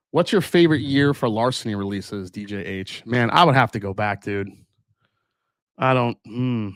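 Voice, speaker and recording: Casual male livestream host, relaxed and chatty, dry close mic. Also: medium pitch, smooth, dry recording. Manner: relaxed, chatty, many fillers and restarts. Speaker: livestream host tasting whiskey. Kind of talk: casual live chat reading viewer comments.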